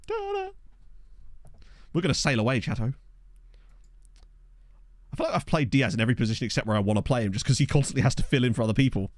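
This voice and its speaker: A man's voice: medium pitch, rapid-fire, pauses often, no room sound. A young man streaming a football management game, chatting and joking as he reacts to the play on a studio microphone. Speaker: gaming streamer. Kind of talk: live football game commentary. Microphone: studio USB microphone.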